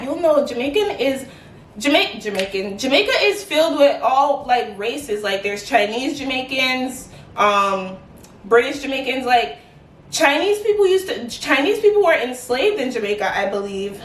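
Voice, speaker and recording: A young adult woman chatting to camera in a casual vlog, animated and quick with "like" fillers. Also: high voice. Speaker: vlogger. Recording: echoey room, mic at a distance.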